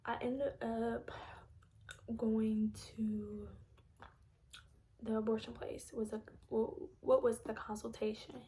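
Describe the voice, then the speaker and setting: A woman's voice: a little high, level tone, slow, long pauses, warm tone, a little hiss or hum. A young woman telling a personal story to her viewers, often half-whispering and holding back tears. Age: young adult. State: close to crying. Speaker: vlogger.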